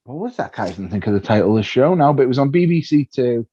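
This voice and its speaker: A man, a comedian being interviewed, telling stories in a lively way, acting out what people said and laughing often. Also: medium pitch, racing, breathy edge. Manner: animated storyteller, acts out voices, laughs often. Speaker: comedian guest. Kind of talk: casual interview chat. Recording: dull lo-fi sound.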